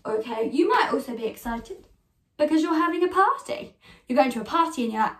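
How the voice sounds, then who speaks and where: A woman's voice: fairly high pitch, moderate pace, a bit bright. A young British woman in her twenties leading an online drama class for children, upbeat and encouraging as she talks straight to the kids. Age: 20s. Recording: echoey room, voice from a distance.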